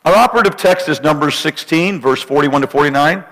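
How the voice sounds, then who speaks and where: A pastor delivering a sermon in a church, preaching emphatically and dramatically with joking asides. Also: male voice, fairly high pitch, fairly quick, a bit bright. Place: church sanctuary. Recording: long reverb of a church hall.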